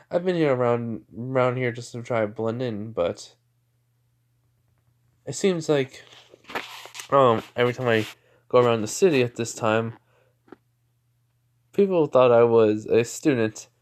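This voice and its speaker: A man's voice: medium pitch, measured pace, long pauses, close to an everyday voice. Brief: man playing a courteous young male demon, friendly and chatty. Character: polite calm young male demon in disguise.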